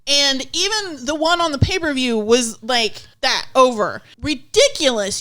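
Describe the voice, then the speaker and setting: A woman's voice: high voice, fairly bright tone. A woman co-hosting a casual wrestling podcast, blunt and exasperated as she rants. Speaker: podcast co-host.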